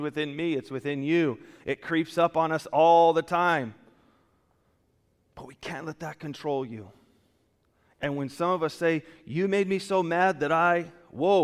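A man preaching a sermon as pastor, animated, acting out quoted excuses, his voice swinging from loud peaks to quiet drops. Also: on the high side. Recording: long reverb of a church hall.

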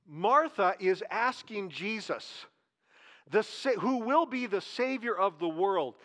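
A pastor with a notably high-pitched voice delivers a sermon like a chat with his congregation. He asks questions, repeats his key lines and draws out words for emphasis. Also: animated, slow, a bit bright.

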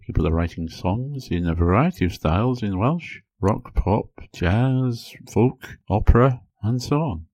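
A man with a low, deep voice walks listeners through a scripted lesson on a podcast. His tone stays measured and explanatory, and he slows down carefully for each example phrase. There is a slight huskiness to his sound. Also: lively intonation, darkish tone, breathy edge. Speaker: podcast host. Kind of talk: scripted educational podcast narration.

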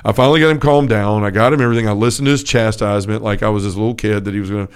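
A man's voice: on the low side, very fast, clean tone. A man co-hosting a Catholic talk show, telling a personal story in an earnest, casual way with frequent restarts. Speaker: podcast co-host. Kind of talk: casual faith discussion.

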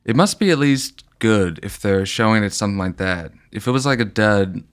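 A man's voice: on the low side, lively intonation, moderate pace, faint music behind. A man co-hosting a casual comedy podcast, riffing on movie and celebrity news. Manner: jokey, riffing on pop-culture news. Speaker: podcast co-host.

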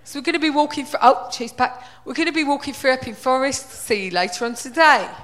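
Woman plays homely dog vlogger, fifties, chirpy and rambling, a bit louder than her own voice. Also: high-pitched, animated, fast, voice pushed up. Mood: chatty. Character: cheerful man in his fifties vlogging dog walks.

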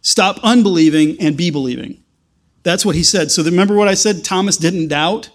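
Guy preaching, kinda high voice, trips over his words then gets really emphatic. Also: normal speed. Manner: earnest, stumbling restarts, building to emphatic. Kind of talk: sermon.

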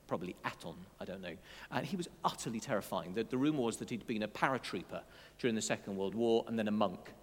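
A man's voice: medium pitch, a bit bright. A man preaching a sermon in a conversational way, with asides and dry humour. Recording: long hall reverb.

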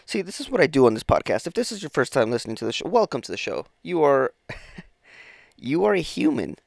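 Rambling, profane man with a gravelly voice. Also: a little high, sing-song, a little fast, no echo, clean studio sound. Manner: rambling, profane, self-interrupting. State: sleepy, yawning. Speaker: podcast host. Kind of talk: casual solo podcast monologue.

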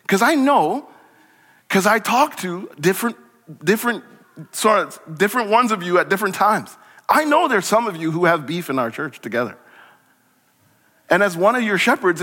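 Male pastor, high bright voice, lively conversational sermon delivery, long church-hall reverb. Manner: animated, conversational preaching with acted-out dialogue. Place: church sanctuary.

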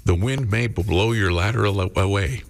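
A man's voice: lowish voice, moderate pace, vocal fry, faint music behind. A middle-aged man hosting a morning radio show, telling a long rambling anecdote with fillers and restarts. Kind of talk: casual radio storytelling.

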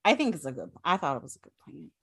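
A woman's voice: sits low, very animated, racing, vocal fry, fairly bright tone. A woman casually recapping an episode, chatty and full of fillers. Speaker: podcast host recapping an episode.

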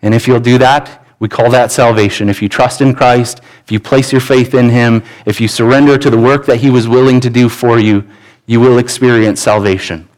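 A man's voice: medium pitch, steady tone, normal speed, darkish tone, poor audio. A pastor preaching a sermon in a church, earnest and pleading, often restarting his words. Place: church sanctuary.

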